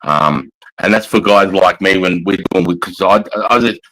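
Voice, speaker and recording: A blunt Australian man with a fairly low voice rambles through army stories on a casual livestream. His talk is thick with swearing and asides to the viewers, and he keeps it relaxed and unpolished. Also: normal speed, rough recording. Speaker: army veteran streamer.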